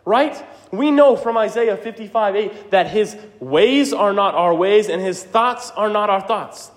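A man's voice: sits high, a little slow. A man preaching a sermon as pastor, earnest and emphatic, often checking in with the congregation. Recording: reverberant hall sound.

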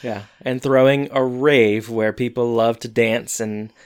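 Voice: mid-range voice, steady tone, unhurried, smooth. Playful podcast co-host, casual recap. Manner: playful, jokey, acts out characters' lines. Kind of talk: casual chat.

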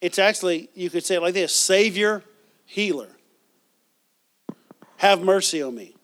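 A man's voice: high voice, measured pace, fairly bright tone. A man preaching a sermon as pastor, reading scripture and asking the congregation questions, with frequent restarts.

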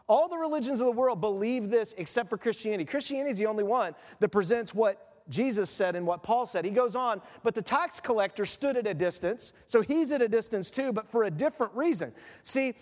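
A man preaching a sermon as pastor, animated and joking, acting out voices of the people in his stories. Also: high-pitched. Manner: animated, jokey, acts out quoted voices. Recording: long hall reverb.

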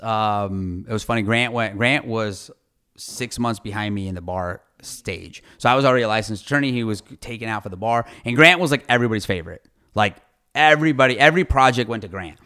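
A man with a low voice tells stories from his career in a loose interview. His tone is animated and he swears casually. His voice is smooth and resonant. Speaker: guest, lawyer.

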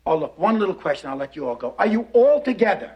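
An actor playing a chatty, pushy waiter in a comedy film clip, talking in eager sales patter. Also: male voice, high-pitched, sing-song, quick pace.

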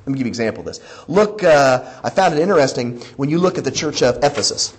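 A man's voice: mid-range voice, fast, poor audio. A man preaching a sermon, acting out quoted dialogue and chuckling as he goes. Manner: animated, acts out quoted dialogue, chuckles often. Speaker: pastor.

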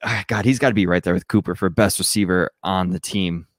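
A man's voice: low voice, fairly even intonation, a little fast, no room sound, clean studio sound. A man co-hosting a podcast, chatting casually and rambling about fantasy football with restarts and fillers. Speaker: podcast co-host.

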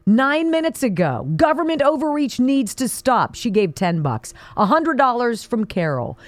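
Talk radio host, woman, higher voice, animated and indignant, dry close mic. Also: no room sound. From Pennsylvania, US. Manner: indignant, fiery, sarcastic. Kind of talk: political talk radio monologue.

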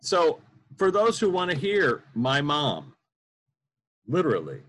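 A man's voice: on the high side, wildly swooping pitch, takes it slowly, fairly bright tone. A man hosting a casual interview, joking and self-deprecating as he leads the talk. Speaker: podcast host.

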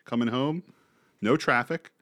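A man's voice: medium pitch, unhurried. A young man co-hosting a casual podcast chat, telling a story with lots of swearing and acted-out reactions. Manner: animated storyteller, swears freely, acts out his own reactions. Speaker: podcast co-host.

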